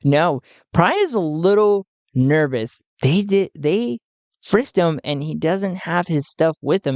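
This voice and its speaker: A narrator running a solo tabletop game, talking slowly and thinking aloud with frequent chuckles. Dry, close sound with no room echo. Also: mid-range voice, expressive, darkish tone.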